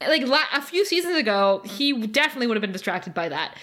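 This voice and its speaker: A woman's voice: on the high side, quick pace. A woman co-hosting a podcast, chatting casually as she retells scenes with laughter. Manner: animated retelling with laughs and acted quotes. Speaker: podcast co-host. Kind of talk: casual recap chat.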